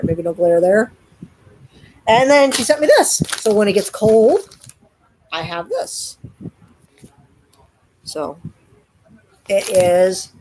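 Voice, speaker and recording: A woman's voice: on the low side, a little mellow, slight background noise, rough recording. Chatty Canadian woman vlogging. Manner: chatty and rambling, often addressing viewers. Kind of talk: casual live-stream chat.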